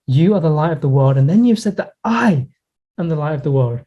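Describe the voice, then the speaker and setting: A male pastor delivers a sermon in an earnest, reflective manner, stretching out key words for emphasis. His voice sits a little high for a man yet sounds mellow and warm. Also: expressive, lo-fi sound. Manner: earnest, reflective preaching with pauses and slowed emphasis. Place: church in Hong Kong.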